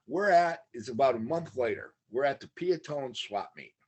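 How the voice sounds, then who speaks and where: A husky, slightly breathy middle-aged man chatting on a podcast. He rambles through stories, laughs as he goes and slips into the voices of the people he quotes. His pitch sits in an ordinary male middle range. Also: animated, normal speed, a little mellow. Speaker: podcast guest. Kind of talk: casual storytelling chat.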